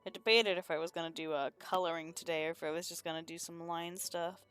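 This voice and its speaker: A woman's voice: lowish voice, steady tone, quick pace, a bit bright, clear, resonant tone, faint music behind. A woman streaming from her room at home, chatting casually and rambling while she works on comics, laughing often and swearing now and then. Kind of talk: casual chat while drawing.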